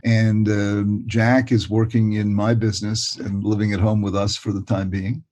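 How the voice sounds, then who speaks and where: An older man, a guest expert in a casual interview, talking with warm enthusiasm and often repeating words. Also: fairly low pitch, flat delivery, normal speed. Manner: warm, enthusiastic, repeats words and says "you know" a lot.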